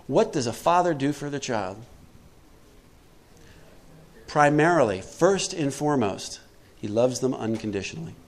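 A man's voice: medium pitch, animated, normal speed. Emphatic man giving a recovery talk. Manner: conversational and emphatic, asks the audience questions. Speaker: twelve-step recovery speaker.

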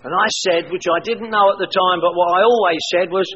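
A man's voice: high voice, fairly even intonation, brisk, fairly bright tone, in a large hall. A man sharing his personal testimony with a recovery group, telling blunt, colorful stories and acting out the dialogue. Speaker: speaker at a recovery meeting. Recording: dull lo-fi live recording with faint hiss.

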